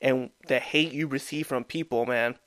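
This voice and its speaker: A man's voice: medium pitch, fairly even intonation, moderate pace, a bit bright, dry recording, clean studio sound. A man co-hosting a casual sports podcast, talking loosely with many fillers and restarts. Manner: loose, rambling, lots of fillers. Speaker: podcast co-host. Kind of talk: casual chat.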